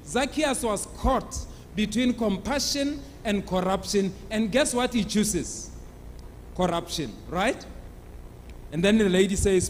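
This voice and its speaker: A man's voice: high-pitched, slow pace, a little hiss or hum. A man preaching a sermon, retelling a Bible story with dramatic storytelling and acting out the characters. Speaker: pastor. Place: church hall. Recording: long church hall reverb.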